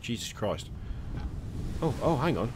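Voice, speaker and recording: Male gaming host, casual rambling commentary, animated delivery, noisy background. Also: medium pitch, unhurried. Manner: chatty, rambling, jokey asides.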